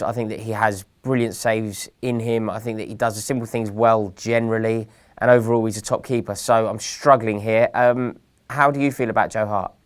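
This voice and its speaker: A young man from England hosting a casual football chat, earnest and measured with a touch of dry sarcasm. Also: lowish voice. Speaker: host.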